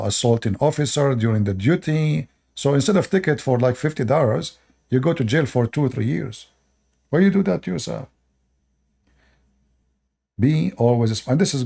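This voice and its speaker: Gravelly-voiced Arabic-accented man lecturing. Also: medium pitch, warm tone. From Middle East. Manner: lecturing, repeats short commands, broken grammar. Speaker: live stream host. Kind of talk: casual live stream monologue.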